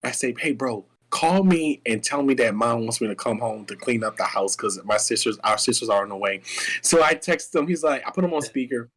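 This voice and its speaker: A young man tells a personal story in a loose, rambling way, stumbling and restarting as he goes. His voice sits at an everyday middle pitch, and his telling stays lively. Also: a little fast, low-quality recording. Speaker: guest. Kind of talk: casual storytelling chat.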